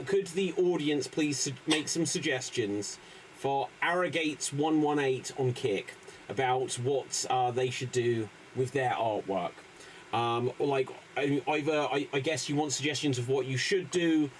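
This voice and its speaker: A man's voice: medium pitch, a little hiss or hum, low-quality recording. A man hosting an improv livestream, setting up games and reading chat in a hesitant way. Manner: slow, hesitant, lots of fillers. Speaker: improv show host. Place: small stream studio.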